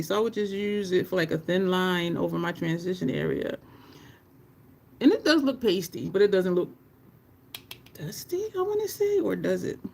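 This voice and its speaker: A woman's voice: mid-range voice, creaky, a little mellow. A woman chatting casually on a livestream while doing her makeup, swearing freely, laughing often and talking to her chat.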